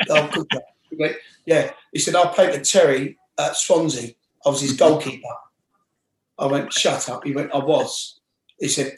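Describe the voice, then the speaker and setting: London guy in his forties, lively yarn-spinner, slightly high voice, echoey room. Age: 40s. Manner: animated, acts out quoted voices. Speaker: interview guest, former footballer. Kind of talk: casual storytelling.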